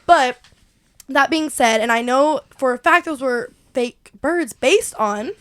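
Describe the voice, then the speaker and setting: A young woman tells a story on a casual podcast, her voice pitched high and her telling animated. She laughs often and acts out what people said. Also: slow. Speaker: podcast co-host. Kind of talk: casual chat.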